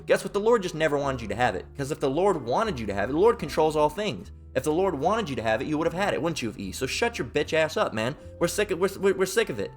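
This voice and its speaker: Heated, mocking man preaching with lively pitch. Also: fast talker, few pauses, soft background music. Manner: mocking, profane, repetitive. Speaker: Bible teacher. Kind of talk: heated Bible commentary.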